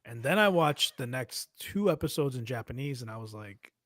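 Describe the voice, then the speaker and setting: A man's voice: mid-range voice, moderate pace, no room sound. A man co-hosting a podcast, retelling episodes in a casual, profane, laughing way. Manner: profane, animated, laughing storyteller. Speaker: podcast co-host. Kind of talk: casual recap chat.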